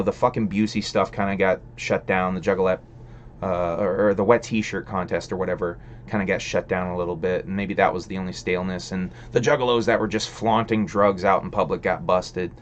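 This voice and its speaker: A man with a somewhat low voice hosts a casual livestream, talking loosely with lots of swearing and filler. He rambles from thought to thought and answers his viewers' chat messages as he goes. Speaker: livestream host reading chat.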